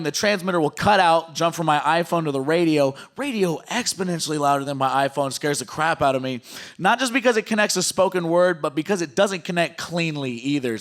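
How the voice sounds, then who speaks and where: Bright-voiced male stand-up comic. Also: a little high. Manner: loose storytelling, then loud announcer hype. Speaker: stand-up comedian and emcee. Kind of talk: stand-up comedy and emcee introductions.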